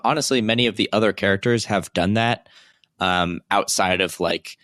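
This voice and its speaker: A young man with a low, deep voice chats hesitantly about a movie, stopping often to search for words. His voice is recorded dry, with no room sound. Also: fairly bright tone, no echo. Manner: hesitant, halting, frequent fillers. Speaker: podcast co-host. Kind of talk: casual movie review chat.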